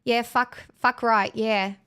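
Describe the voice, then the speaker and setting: A brash ocker ranter with a thick, nasal, broad Australian accent, put on by a woman. The voice swears and rambles in a coarse drawl, pitched a little high and carried by a smooth, clear tone. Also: steady tone, slow, a bit bright. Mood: blustering. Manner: crude, swearing, rambling ranting.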